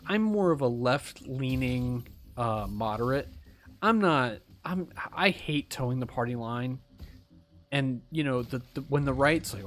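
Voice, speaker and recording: A man talking in a casual rant, swearing often and mimicking other people's reactions in quick quoted asides. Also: a little high, a bit bright. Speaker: streamer. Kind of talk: casual ranting chat.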